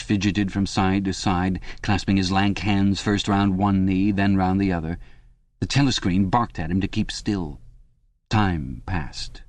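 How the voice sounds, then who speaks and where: A man narrating an audiobook in a steady, measured way. His voice sits very low. The recording is dry, close and free of room sound. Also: no room sound. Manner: even, measured reading. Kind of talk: scripted narration.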